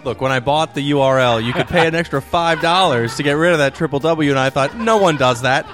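A man's voice: on the high side, brisk, a bit bright, faint music behind. A man co-hosting a podcast, giving wry, joking remarks while tasting beer. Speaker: podcast co-host.

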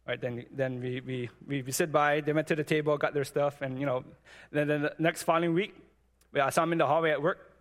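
A man preaches a sermon that includes his personal testimony, speaking haltingly with many restarts and repeated words as he earnestly exhorts his listeners. His voice is fairly high and steady in tone, with a long, hall-like reverb.

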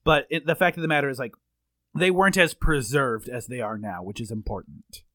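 A man's voice: medium pitch, fairly quick, sharp tone, dry recording. A man co-hosting a casual movie review chat, thoughtful and careful to qualify his points. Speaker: podcast co-host.

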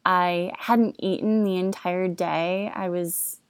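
A woman's voice: lowish voice, steady tone, takes it slowly, clear, resonant tone, no echo. A young woman hosting a podcast, speaking in a candid, confessional way with casual fillers. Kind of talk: personal reflective talk.

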